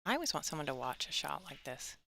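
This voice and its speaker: A woman's voice: low voice, big pitch swings, fast talker, vocal fry, sharp tone. A woman commentating a live pool tournament stream in a chatty, casual way, laughing easily and plugging the stream. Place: tournament venue.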